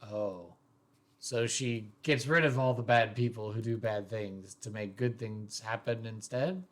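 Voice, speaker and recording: A man's voice: fairly low pitch, fairly even intonation, a little slow, a bit bright. A man voicing a shy young male student who stammers nervously. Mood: flustered.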